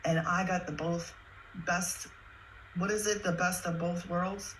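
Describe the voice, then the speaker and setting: A woman's voice: lowish voice, fairly even intonation, unhurried, fairly bright tone, slight background noise, low-quality recording. A woman who is a single mother telling her personal story with earnest emotion, chatty and at times close to tears. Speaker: guest sharing her story.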